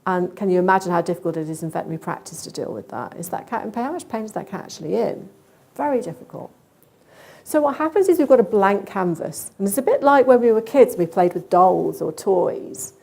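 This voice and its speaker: Mellow-voiced woman giving a talk. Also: mid-range voice, fairly quick, creaky. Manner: lively, expressive, acts out animal thoughts. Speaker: conference speaker on cat behaviour. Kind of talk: conference talk.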